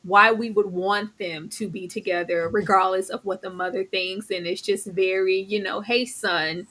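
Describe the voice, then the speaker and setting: A woman hosting a casual live recap of a TV show, lively and often laughing as she acts out the characters' lines. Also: mid-range voice, normal speed. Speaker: host reviewing a TV series.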